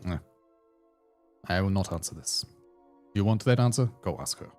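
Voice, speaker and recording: A man's voice: deep voice, expressive, moderate pace, darkish tone, soft background music. A man voicing a stern, honorable male centaur escort in a put-on Russian accent, speaking in short, clipped phrases. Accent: mock Russian. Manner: clipped, terse broken phrasing.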